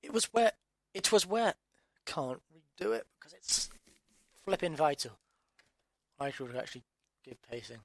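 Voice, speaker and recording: A man's voice: on the high side, sing-song, measured pace, vocal fry, long pauses, a bit bright. A man from England, reading his own story aloud and muttering at himself through repeated restarts. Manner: exasperated self-talk with constant restarts. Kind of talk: audiobook narration outtakes.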